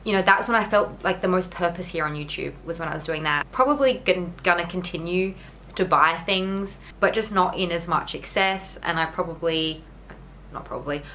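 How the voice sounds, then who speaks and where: A woman's voice: on the low side, moderate pace, pushed and bright, slight background noise, low-quality recording. A young woman talking candidly to camera in a home vlog, earnest and rambling with lots of "like" fillers. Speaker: YouTuber.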